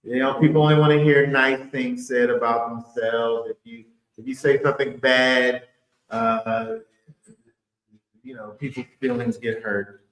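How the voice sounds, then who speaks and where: A man teaching a Bible study in an emphatic, animated way, full of rhetorical questions. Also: mid-range voice, unhurried, vocal fry, reverberant, rough recording.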